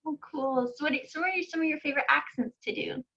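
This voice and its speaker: Woman, interviewer, high voice, muffled video call audio, upbeat reactions. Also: fast, vocal fry, sharp tone. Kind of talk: casual interview chat.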